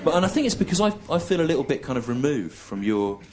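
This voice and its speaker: A middle-aged English man performing a stand-up comedy routine in a laid-back, deadpan, repetitive way, with self-aware asides. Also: on the high side, quick pace, a crowd in the background. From England. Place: comedy venue stage. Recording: live show recording with audience noise. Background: audience laughter and room ambience.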